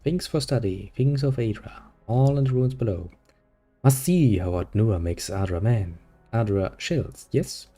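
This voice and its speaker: A man voicing an ancient spider-faced alien creature that speaks in slow, broken phrases while he reads game dialogue aloud. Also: lowish voice, expressive, mellow, soft background music. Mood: earnest. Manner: halting broken speech, slow and strange.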